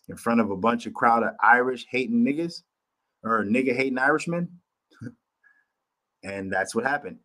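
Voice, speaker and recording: A man's voice: mid-range voice, fairly bright tone. Male podcast host, mid-range voice, profane casual rant, keeps repeating his points. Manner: profane, emphatic, repeats himself.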